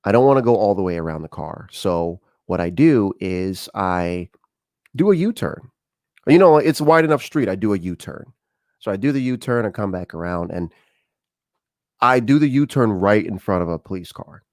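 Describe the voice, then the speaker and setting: Low-voiced man hosting a talk show. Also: moderate pace, no echo, studio quality. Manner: conversational, animated storytelling with acted-out dialogue. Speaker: show host. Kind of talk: casual talk show monologue.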